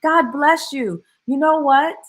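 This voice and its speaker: A woman vocal coach answering viewer comments in a casual livestream Q&A, chatty and animated, with slangy asides and playful jumps up into a much higher voice. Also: takes it slowly.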